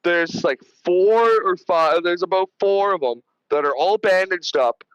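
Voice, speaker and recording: Rambling, swearing podcast host, fairly high voice. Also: male voice, a little slow, a bit bright, clean tone, no room sound, highs cut off. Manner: rambling, profane, retells scenes. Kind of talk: casual movie review chat.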